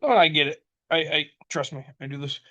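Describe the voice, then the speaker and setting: A man's voice: fairly high pitch, brisk, lo-fi sound. A man from Michigan co-hosting a podcast, ranting in casual chat with lots of swearing and quoted back-and-forth. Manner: rants with swearing, quoting others in animated bursts. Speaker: podcast co-host.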